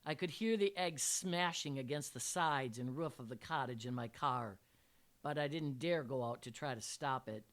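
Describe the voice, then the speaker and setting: A woman's voice: a bass voice, moderate pace. An older woman, a retired teacher, reading a personal story aloud with dry, wry humor. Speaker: retired teacher telling a memoir.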